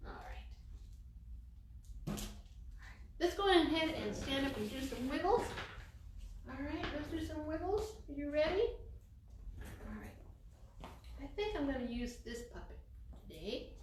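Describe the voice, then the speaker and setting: Librarian lady doing kids story time, high slow voice, echoey room, kinda far from the mic. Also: background noise. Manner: slow, expressive read-aloud to children, sings nursery songs. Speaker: children's librarian. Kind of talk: children's story time reading and singing.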